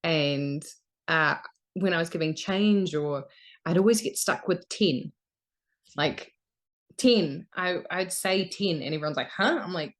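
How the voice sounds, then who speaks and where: A young woman from New Zealand talks as a guest in a relaxed interview. Her voice sits on the low side, and she chats freely, laughing often between thoughts. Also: unhurried. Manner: lively, laughs often, chatty. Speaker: voice actor guest. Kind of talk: casual interview chat.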